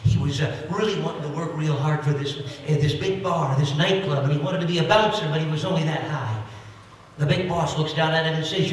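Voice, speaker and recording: A man's voice: on the high side, fairly quick, slight background noise. Folksy man telling jokes in an echoey hall. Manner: folksy, chatty joke delivery. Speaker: stand-up comedian. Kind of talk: joke-telling stand-up routine. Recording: echoey hall recorded from far off.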